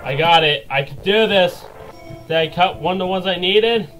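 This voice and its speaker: An excitable man with a high voice gives running let's play commentary, yelping and laughing at his mishaps. Faint music plays in the background. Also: moderate pace, poor audio. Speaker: gaming video creator.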